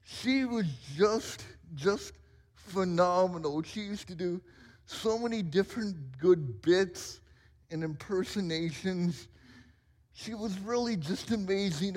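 Pastor, 40s, male: high voice, self-mocking jokes, long church-hall reverb. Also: a little mellow. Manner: playful, self-mocking storyteller. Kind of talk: sermon. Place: church sanctuary.

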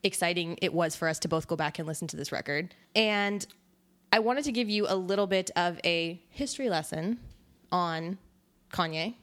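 A woman hosts a podcast in a loose, casual chat. She speaks in a slightly low voice, laughs often and tosses in quick asides as she talks. The tone stays relaxed and conversational. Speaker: podcast host.

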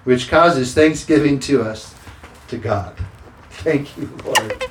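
A man's voice: mid-range voice, expressive, takes it slowly, loud music behind the voice. A man preaching a sermon as pastor, emphatic and repeating scripture declarations. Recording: roomy sound with faint ambience.

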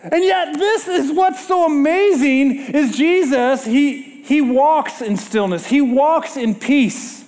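A man's voice: very high-pitched, slow, few pauses, darkish tone. A middle-aged man preaching a sermon to a congregation, telling stories with animation and asking them rhetorical questions.

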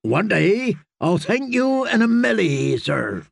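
A man's voice: sits high, very animated, takes it slowly, gravelly, no echo, clean studio sound, voice pushed up, exaggerated voice. A man voicing a tall, stern young woman warrior in a storybook reading, blunt and stiff.

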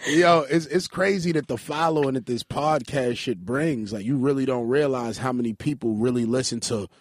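A man's voice: medium pitch, animated, measured pace, dry recording. A man hosting a podcast in casual chat, acting out quotes with big swings in his voice. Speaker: podcast host.

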